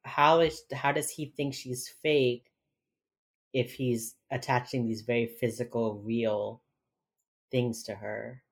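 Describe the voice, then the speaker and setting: A woman with an unusually low-pitched voice chats casually as a podcast co-host. She rambles with lots of fillers, swears freely and slips into acted-out quotes. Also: fairly even intonation, takes it slowly. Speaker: podcast co-host recapping a TV episode. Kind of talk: casual chat.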